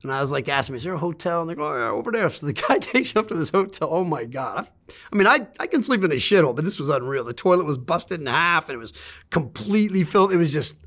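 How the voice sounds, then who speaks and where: A man's voice: on the high side, big pitch swings, fast, a bit bright. A man telling a travel story in a rambling, casual way, swearing often and stammering as he restarts his sentences. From United States. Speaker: interviewee.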